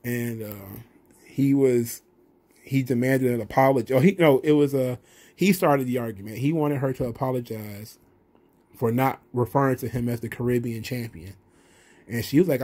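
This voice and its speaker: A man's voice: mid-range voice, normal speed, a little mellow, slightly rough. A man hosting a wrestling review channel, recapping a show in a blunt, profane, rambling way.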